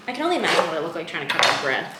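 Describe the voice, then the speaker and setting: A young woman vlogging in her apartment kitchen, chatting in a rambling, self-mocking way full of quick asides. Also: fairly low pitch, big pitch swings, reverberant, heavy background noise. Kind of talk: casual chatty vlog.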